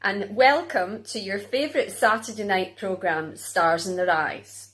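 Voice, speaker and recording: A woman presenting a mock talent show in a bright, cheery showbiz manner. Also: mid-range voice, unhurried.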